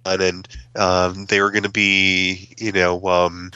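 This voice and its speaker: A man hosting a podcast in a relaxed casual chat, chuckling and searching for words. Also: deep voice, takes it slowly, clean tone, no echo, lo-fi sound. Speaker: podcast host.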